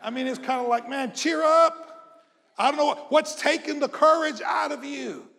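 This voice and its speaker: A man from South Mississippi, preaching a sermon and leading the congregation in call-and-response, moving between hushed prayer and shouting. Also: very high-pitched, moderate pace, vocal fry. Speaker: pastor. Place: church hall. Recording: long church-hall reverb.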